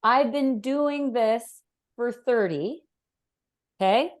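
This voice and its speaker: A woman's voice: fairly high pitch, takes it slowly. Emphatic woman in her fifties, blunt. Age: 50s. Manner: animated, emphatic, blunt with swearing. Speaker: podcast guest, fitness professional. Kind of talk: casual interview chat.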